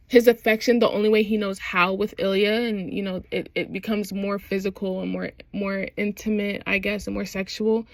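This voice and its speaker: A woman's voice: medium pitch, dry recording. A young adult woman in casual chat, recapping a TV show with slangy phrasing and frequent laughs. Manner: chatty, slangy, laughs often while recapping. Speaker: vlogger.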